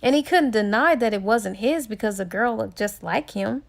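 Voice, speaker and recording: A woman reviewing a book by retelling its plot in a chatty, filler-heavy way. Her voice sits on the higher side and is full of gravelly fry. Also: animated, moderate pace. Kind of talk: casual retelling of a novel's plot.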